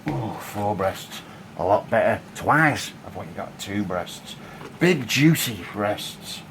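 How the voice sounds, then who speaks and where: A man's voice: on the low side, expressive, takes it slowly, gravelly, a bit bright, a little hiss or hum, poor audio. A man giving a casual, cheeky and crude cooking demonstration in his home kitchen. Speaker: home cook.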